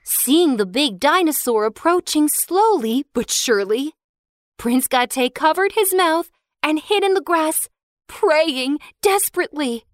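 A woman narrating a children's storybook in an expressive, slow storytelling manner. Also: high voice, no echo, studio quality. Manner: expressive, slow, sing-song.

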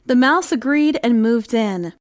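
A woman narrating a fairy tale in an expressive, sing-song storytelling manner. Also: fairly high pitch, a little slow, no room sound, studio quality.

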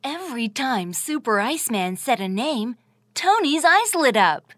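A woman's voice: sits high, no room sound, clean studio sound. Sing-song woman narrating a children's story. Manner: expressive, sing-song, deliberate.

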